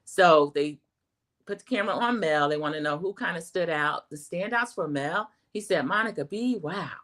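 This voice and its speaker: Middle-aged woman, casual TV recap host, chatty and animated, lowish voice. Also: moderate pace. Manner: chatty, animated, addresses viewers as y'all.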